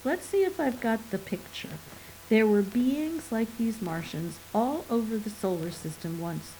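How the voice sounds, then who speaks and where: A woman's voice: on the high side, animated, a little slow, dark tone, slight background noise, voice pushed up, rough recording. Woman reading as a thoughtful scheming man. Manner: thoughtful, earnest. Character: scheming man working out a hoax.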